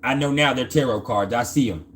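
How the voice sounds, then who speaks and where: A man's voice: medium pitch, brisk, fairly bright tone. A man casually telling a personal story in loose, profane slang, often stammering and restarting his sentences.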